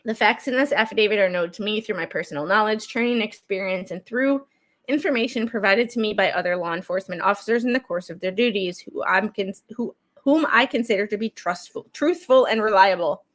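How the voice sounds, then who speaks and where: A woman's voice: medium pitch, brisk. A woman streaming true crime content, reading court documents aloud in a casual, chatty way with frequent asides. She is getting over a cold and coughs now and then. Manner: chatty, digressive, breaks off into asides while reading.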